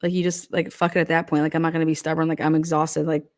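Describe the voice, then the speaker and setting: A woman's voice: low voice, flat delivery, fast. Blunt, heated woman commenting on a case. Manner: blunt, heated, rhetorical questions. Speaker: true crime commentator. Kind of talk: casual, profane true crime commentary.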